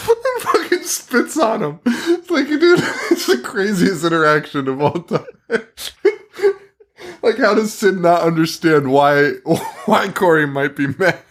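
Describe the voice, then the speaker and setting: A man's voice: high-pitched, big pitch swings, measured pace, fairly bright tone. A man co-hosting a horror movie podcast, chatting casually, swearing freely and laughing often. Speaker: podcast co-host. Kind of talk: casual chat.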